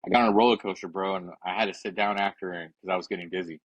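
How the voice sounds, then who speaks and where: A middle-aged man with a low, husky voice chats casually, with a laid-back, self-mocking tone. The sound is dry and close to the mic. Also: fairly even intonation, very fast, no room sound, lo-fi sound. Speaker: podcast co-host. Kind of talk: casual chat.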